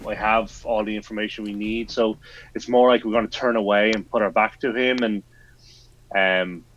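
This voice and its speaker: A man's voice: fairly low pitch, steady tone, moderate pace, a bit bright, highs cut off. A man playing a tabletop game, thinking aloud hesitantly with many fillers. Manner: thoughtful, hesitant, lots of fillers. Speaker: player.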